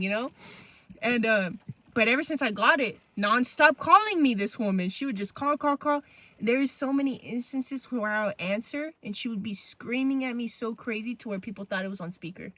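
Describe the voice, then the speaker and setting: A woman's voice: fairly high pitch, bright, forceful tone, no room sound. A woman in her twenties, co-hosting a podcast and telling candid, profane stories from her youth in casual chat. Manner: candid storytelling, loose and profane. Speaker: podcast co-host.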